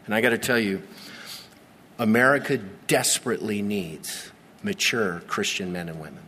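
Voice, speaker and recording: A male pastor with a lowish, sharp-toned voice preaches a sermon in a reverberant church sanctuary, with slight background noise. He speaks earnestly, pausing slowly for drama and repeating himself. The recording carries the long echo of a big church hall.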